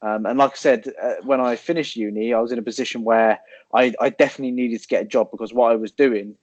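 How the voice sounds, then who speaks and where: A man in his twenties, a guest telling his story in relaxed casual chat, rambling and swearing. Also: mid-range voice, fast talker, no echo. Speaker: podcast guest, online coach. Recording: dull, dry lo-fi sound.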